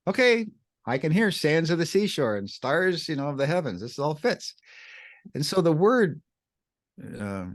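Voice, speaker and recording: A man co-hosting a podcast teaches the Bible animatedly, swinging his pitch up and down to stress words.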